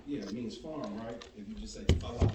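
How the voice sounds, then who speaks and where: A man's mid-pitched voice comes from across an echoing room with steady noise behind it. He asks questions haltingly, pausing and restarting as he looks for the right words. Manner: hesitant, searching for words. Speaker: student. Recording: roomy and noisy, voice away from the mic.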